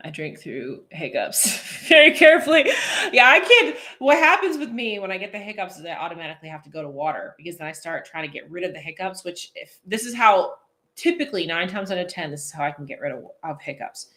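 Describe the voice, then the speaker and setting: A woman hosts a casual live stream, talking straight to her viewers in a slightly low voice. She is chatty and goofy, laughs easily and reads out comments as they come in. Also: animated, fast talker, a bit bright. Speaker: posing coach hosting a live feed.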